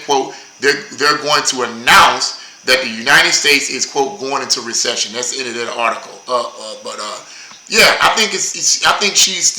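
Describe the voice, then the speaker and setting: A man's voice: a little high, bright, forceful tone, echoey room, a little hiss or hum, low-quality recording. A man giving casual political commentary as a show host, rambling and repeating words as he goes.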